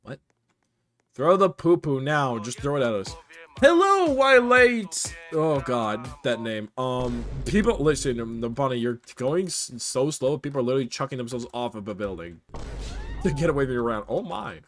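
A man's voice: mid-range voice, animated, normal speed, soft background music. A man streaming a game live with viewers, joking and bantering playfully. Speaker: streamer playing games with viewers.

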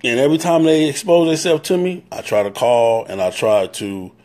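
A man's voice: medium pitch, lively intonation, moderate pace, darkish tone. A man with a Southern US accent giving a live-stream talk, preaching on brotherhood and greeting viewers by name as he goes. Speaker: motorcycle club leader.

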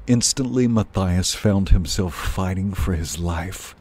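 A man reading a children's novel aloud in a slow, measured way, as a storyteller. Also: sits low, a little mellow, slightly rough.

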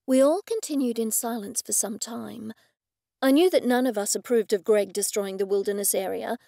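Woman, audiobook narrator, first-person cozy mystery, slightly high, dry close sound. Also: no room sound. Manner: steady, even storytelling.

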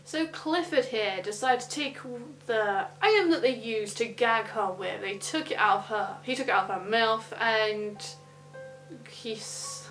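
A woman's voice: fairly high pitch, measured pace, a bit bright, faint music behind, low-quality recording. A woman with a London accent casually recounting a true crime case, breaking into blunt, indignant asides.

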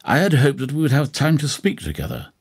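A man's voice: medium pitch, very animated, a little fast, gravelly, breathy edge, voice pushed up, exaggerated voice. A man voicing Sherlock Holmes, jovial and proper. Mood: polite. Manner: jovial, gentlemanly, indignant. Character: older retired male detective, jovial and proper.

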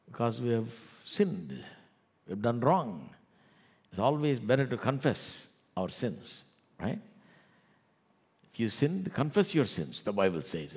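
A man with an Indian English accent preaching a sermon as pastor, animated, acting out the taunts of scoffers. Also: lowish voice, breathy edge, in a large hall.

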